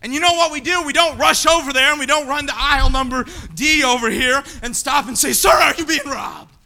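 A man preaching a sermon in a church, swinging between shouted appeals and quiet asides. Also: very high-pitched, steady tone, fairly quick. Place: church sanctuary.

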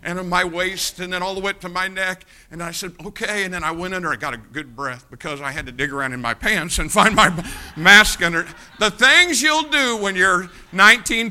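A man from the United States preaching a sermon, telling an animated personal anecdote and addressing the congregation directly. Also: on the high side. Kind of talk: sermon storytelling.

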